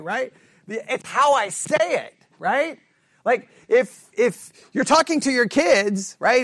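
A middle-aged man with a high voice leads a Bible study lesson, talking in a chatty way and checking often that the class follows. He drops into a low mumble to act out sarcastic replies. The sound is close and dry. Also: a bit bright, no echo.

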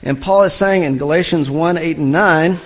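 A man's voice: fairly high pitch, moderate pace, poor audio. A male preacher teaching through a scripture passage, reading verses aloud and then asking his listeners questions he answers himself. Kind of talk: expository sermon teaching.

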